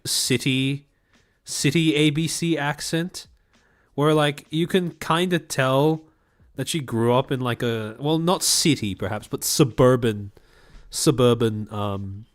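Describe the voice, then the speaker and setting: Precise Australian-born Chinese man, streaming. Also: mid-range voice. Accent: Australian-born Chinese, light. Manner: clearly articulated, precise presenter voice with many fillers. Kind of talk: casual live-stream chat.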